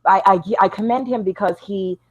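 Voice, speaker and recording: A woman's voice: mid-range voice, moderate pace, muffled recording. A woman hosting a casual online chat show, talking bluntly and laughing often over a voice call. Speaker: show host.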